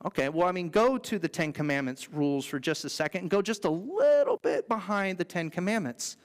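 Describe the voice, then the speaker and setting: High-voiced man preaching in a reverberant hall. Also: lively intonation, a little fast. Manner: earnest, conversational preaching with playful asides. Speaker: pastor. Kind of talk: sermon. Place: church sanctuary. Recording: long reverb in a church hall.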